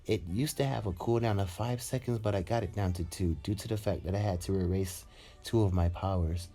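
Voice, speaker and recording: A man's voice: low voice, a little fast, dark tone. A man voicing a polite, eager teenage hero boy in a fan-made storybook retelling, explaining his powers at length with a little hesitation. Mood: modest. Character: shy eager teen hero boy with special eyes.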